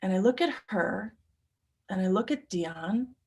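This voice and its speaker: An expressive woman recounting a true story for a live storytelling slam. She swings between loud urgency and hushed, quiet passages, at a middling pitch for a woman. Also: a little slow, slightly rough.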